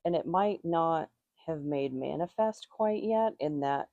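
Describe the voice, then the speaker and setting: A woman's voice: deep voice, animated, measured pace, no room sound, narrow, tinny audio. A woman giving a casual tarot reading in a musing, meandering way, her nose slightly stuffy. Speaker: tarot reader.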